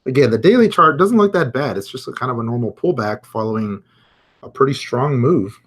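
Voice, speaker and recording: A man hosting a live crypto market stream, giving casual chart commentary, chatty and thinking out loud as he reads viewer comments. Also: mid-range voice, animated, fairly quick, breathy edge.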